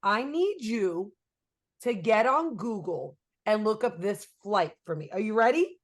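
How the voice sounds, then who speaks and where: A woman's voice: medium pitch, expressive, unhurried. A woman mimicking her pushy uncle, who gives curt orders and skips any greeting. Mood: bossy.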